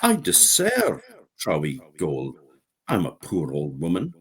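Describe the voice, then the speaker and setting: A man's voice: low-pitched, wildly swooping pitch, slow, husky, exaggerated voice. A man voicing a poor, greedy old woman with an Orkney accent, pleading and self-pitying. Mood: grasping.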